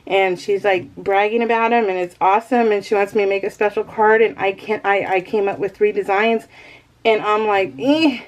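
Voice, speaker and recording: A woman's voice: medium pitch, fairly even intonation, normal speed. A woman vlogging at home in a casual, rambling chat, often breaking into laughter. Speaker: crafting vlogger.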